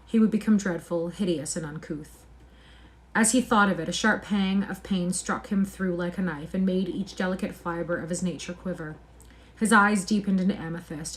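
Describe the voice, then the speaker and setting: Expressive woman reading a classic novel. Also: fairly low pitch. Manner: expressive, measured literary reading. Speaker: narrator.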